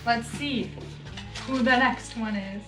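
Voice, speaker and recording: High-voiced playful woman co-host. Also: slow pace, roomy sound, music in the background. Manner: playful, giggly, jokey announcer voice. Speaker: podcast co-host. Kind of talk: casual chat.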